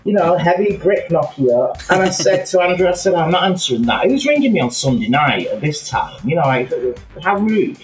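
Animated storyteller, slightly high voice. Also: male voice, brisk, hardly any pauses, echoey room, soft background music, rough recording. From England. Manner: animated anecdotal storytelling with many asides. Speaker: guest. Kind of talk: casual chat.

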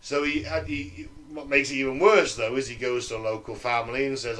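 A man's voice: mid-range voice, flat delivery, brisk, fairly bright tone, distant mic, poor audio. Man telling a grim story. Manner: sweary, jokey, laughs mid-story. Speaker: podcast co-host. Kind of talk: casual storytelling to friends.

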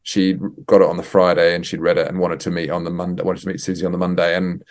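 A man, a theatre director guest on a remote podcast interview, speaking thoughtfully with halting restarts. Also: deep voice, completely flat delivery. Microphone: remote call.

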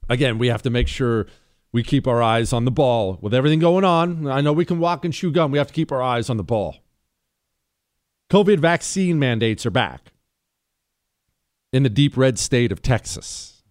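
A wound-up man hosting late-night call-in radio, firing off his points in quick, impulsive bursts. His voice sits at an ordinary pitch and is close and dry on the mic, with no room sound. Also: animated, no echo. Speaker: radio talk show host. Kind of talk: call-in talk radio monologue.

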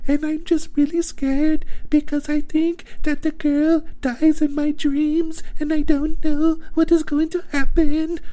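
A man putting on a whiny, high baby-doll voice for a young woman, mocking it. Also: level tone, a little slow, few pauses, dark tone, low-quality recording. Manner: breathy, whiny little-girl voice.

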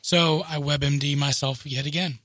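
A middle-aged man telling a self-mocking story in casual chat, animated and acting out the other people in his tale. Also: fairly high pitch, measured pace, no echo, clean studio sound.

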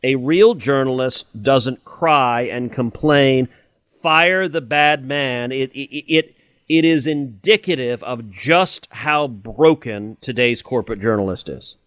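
A man's voice: mid-range voice, measured pace, no echo. A middle-aged man, a senator hosting a podcast, giving emphatic, scornful political commentary that builds into indignant mockery.

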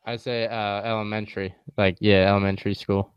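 A man's voice: fairly low pitch, flat delivery, fairly quick, clear, resonant tone, no echo, muffled recording. A young man co-hosting a casual chat, laid-back and slangy, telling stories.

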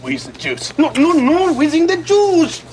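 An actor playing a flustered male store clerk who shouts frantic protests, in a film clip. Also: very high-pitched, huge pitch swings, a little slow, exaggerated voice. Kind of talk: film dialogue. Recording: film audio with loud music.

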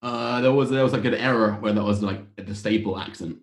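A man's voice: fairly low pitch, a little fast, roomy sound. A man, a guest calling into a podcast over a video call, chatting in a friendly way. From England. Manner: friendly, laughing. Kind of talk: casual chat. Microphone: video call with headphones.

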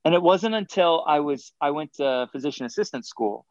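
A man as a guest in a casual interview, telling animated stories and acting out quotes between chuckles. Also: on the high side, a little fast, no room sound, lo-fi sound. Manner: animated anecdotes, acts out quotes, chuckles often. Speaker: guest athlete.

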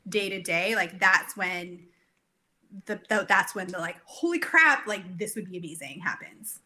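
A woman's voice: lowish voice, moderate pace, pushed and bright. A woman guest on a podcast, talking casually with plenty of "like" fillers. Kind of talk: casual interview chat.

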